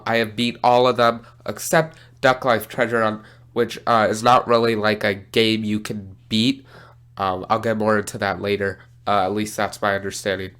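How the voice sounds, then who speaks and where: A man's voice: on the low side, a bit bright, smooth. Young man, sick, nasal voice. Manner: rambling with many fillers and restarts. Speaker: gaming channel host. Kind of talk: casual gaming commentary.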